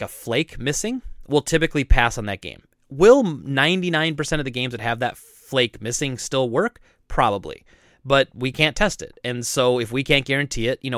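Animated man telling store stories. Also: medium pitch, no echo, studio quality. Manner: animated, laughing, acts out customers and coworkers. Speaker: game store owner, podcast host. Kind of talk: casual storytelling chat.

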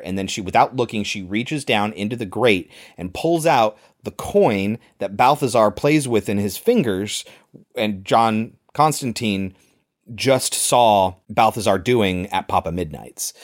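A man hosting a podcast, casually recapping a film in detail and acting out quoted lines. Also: lowish voice. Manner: retells scenes in detail, acts out quoted lines. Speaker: podcast host.

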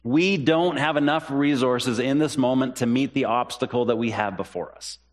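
Male pastor, sermon delivery, earnest, repeats lines, mid-pitched voice. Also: moderate pace. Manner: earnest, repeats key phrases for emphasis; rises in pitch when voicing the disciples' questions.

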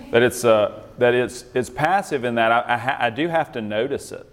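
A man's voice: mid-range voice, moderate pace, big-room sound. A man leading a group Bible study, talking conversationally, restarting phrases and often checking in with "right?". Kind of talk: teaching a group discussion.

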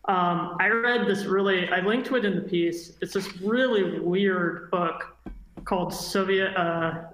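A woman guest chatting casually on a podcast, quick and wry, with plenty of fillers. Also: on the low side, fairly bright tone, slight background noise. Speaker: guest writer. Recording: roomy echo.

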